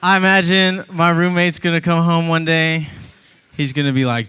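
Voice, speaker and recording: Smooth-voiced laid-back stand-up comic. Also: male voice, a little high, flat delivery, normal speed, bright, forceful tone. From Georgia, US. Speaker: stand-up comedian. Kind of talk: stand-up comedy set.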